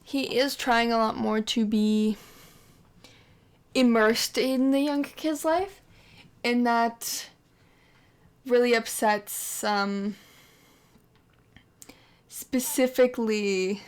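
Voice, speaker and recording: A woman's voice: a little high, steady tone, very slow, long pauses, clear, resonant tone. Chatty woman narrating her game. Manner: rambling, many fillers, chatty asides. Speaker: gameplay commentator. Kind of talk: casual game commentary.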